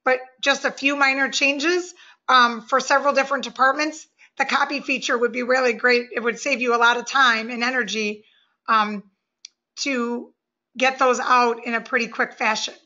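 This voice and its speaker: Bright high-voiced woman presenter. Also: steady tone, moderate pace, dull audio. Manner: friendly, explains step by step. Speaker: software presenter. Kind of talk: webinar walkthrough.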